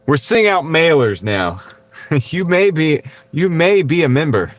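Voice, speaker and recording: A Texan man chatting casually on a livestream from his car, laughing often and reading out viewer comments. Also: medium pitch. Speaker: livestreaming delivery driver. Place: car, while driving. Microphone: wireless clip-on mic.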